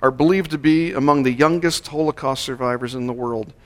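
Male pastor, mid-pitched voice, deliberate sermon delivery that leans on key words. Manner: measured, slowing down to stress key words. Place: church service.

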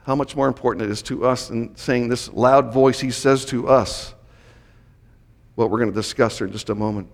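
A man's voice: medium pitch, steady tone, moderate pace, creaky. A man giving a Bible teaching sermon to a Messianic congregation, explaining the text and raising his voice to read scripture. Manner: explanatory, reads scripture aloud with raised emphasis. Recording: long hall reverb.

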